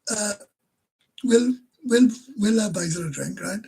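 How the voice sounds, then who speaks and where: A very husky Welsh man hosts a live stream, telling crude stories to viewers in a voice that sits high yet has a darkish tone. He keeps a measured pace, swears constantly, laughs partway through, and often stumbles and restarts. The audio is poor.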